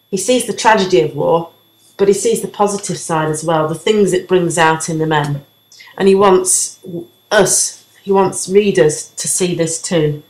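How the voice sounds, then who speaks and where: A woman teacher giving a clear, explanatory revision lesson on a poem, sounding out the rhythm as she goes. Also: fairly low pitch, roomy sound, low-quality recording.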